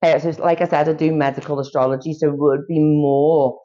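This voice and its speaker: A man's voice: fairly high pitch, level tone, a little fast, mellow. A man who is a guest on a podcast, chatting casually and rambling with lots of fillers and restarts. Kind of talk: casual chat. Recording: dull lo-fi recording.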